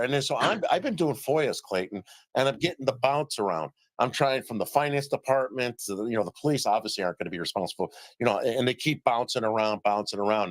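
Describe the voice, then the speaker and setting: A middle-aged man on a live stream telling stories about his reporting in a casual, animated way, acting out what others said. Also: fairly low pitch, no room sound. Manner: animated storyteller, acts out quoted dialogue. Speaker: citizen journalist guest. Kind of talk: casual remote interview.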